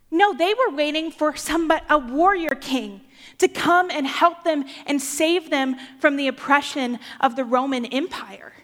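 High-voiced young woman preaching in a reverberant hall. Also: pushed and bright. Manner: playful, joking asides. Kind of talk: sermon.

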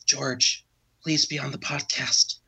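A man's voice: mid-range voice, flat delivery, slow, gravelly, sharp tone, rough recording. A man co-hosting a casual podcast, eagerly recommending things and teasing the others. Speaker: podcast co-host.

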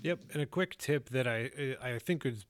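A man's voice: mid-range voice, moderate pace, no room sound. A man co-hosting a tabletop gaming podcast, casually and earnestly giving advice. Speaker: podcast co-host.

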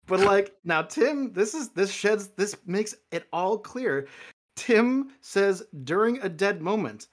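A man with a notably high-pitched voice arguing his case in a casual podcast chat. He teases and insists, talking over the others. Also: expressive, slow. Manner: insistent, teasing, argumentative.

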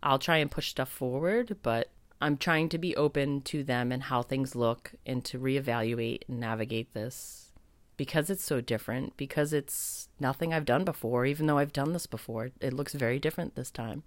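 Speaking at a moderate pace with a very deep voice, this woman podcast host shares a casual story in a reflective, spiritual manner, leaning heavily on "like." No room sound can be heard.

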